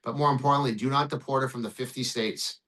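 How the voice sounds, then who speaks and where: Fast, bright-voiced male lawyer. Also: medium pitch, low-quality recording. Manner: animated, profane, acts out dialogue. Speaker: immigration lawyer. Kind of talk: podcast interview storytelling.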